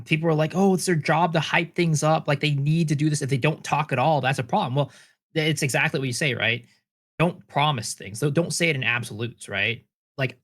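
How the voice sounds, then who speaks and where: Male podcast guest, a bit high-pitched, emphatic, restates his points. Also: fairly bright tone. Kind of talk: casual podcast chat.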